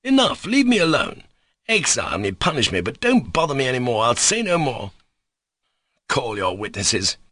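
A man's voice: mid-range voice, sing-song, normal speed, pushed and bright, no room sound, clean studio sound. A man reading Mitya, a bitter accused man. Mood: indignant. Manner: agitated, bitter outbursts. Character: angry proud young man under questioning. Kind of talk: audiobook character reading.

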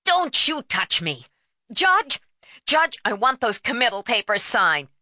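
A woman's voice: on the high side, sing-song, unhurried, sharp tone, no room sound, studio quality, pitched above the performer's own voice, full character voice. A woman voicing a stern, harried middle-aged woman caller who grows breathless and desperate.

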